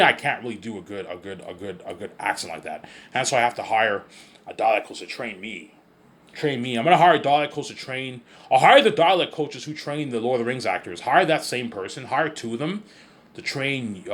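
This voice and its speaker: A man's voice: lowish voice, a bit bright. A man rambling through a casual vlog monologue, repeating himself often and sounding boastful and sure of himself. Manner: repetitive, boastful, self-assured. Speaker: vlogger.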